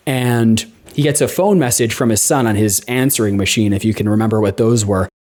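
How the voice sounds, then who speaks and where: A man's voice: on the low side, brisk, a little mellow. A man co-hosting a podcast, recapping a movie's plot in casual chat with wry asides. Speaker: podcast co-host.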